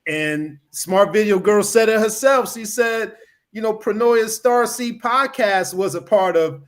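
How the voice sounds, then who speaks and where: A man's voice: high-pitched, a little slow. A man hosting a casual podcast chat over a video call, rambling with lots of "you know" fillers.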